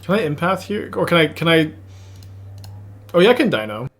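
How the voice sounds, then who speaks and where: A man with a Texas accent streaming an online card game, thinking aloud in rambling, excitable casual commentary into a desk mic. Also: a little high, brisk.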